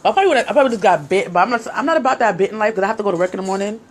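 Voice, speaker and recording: A woman's voice: medium pitch, rapid-fire, roomy sound, a little hiss or hum. A young adult woman vlogger, shaken and laughing nervously, retelling a scary night to her viewers on a phone. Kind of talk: casual storytelling to viewers.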